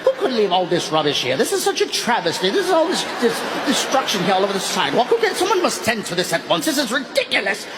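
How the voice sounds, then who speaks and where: A man's voice: high-pitched, huge pitch swings, fast, few pauses, over a noisy crowd. A man voicing a prissy, proper Englishman fussing indignantly on stage. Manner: proper, fussy, scandalized. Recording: stand-up stage, reverb and room noise.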